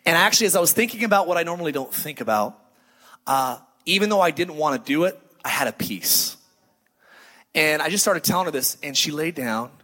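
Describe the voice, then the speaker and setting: A middle-aged male pastor preaching with a high, bright voice that rings out over the congregation. He talks in a loose, conversational way and slips into the voices of the people in his stories. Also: expressive, brisk, slightly rough. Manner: conversational storytelling, acts out quoted voices. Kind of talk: sermon. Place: church sanctuary before a congregation. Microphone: handheld microphone.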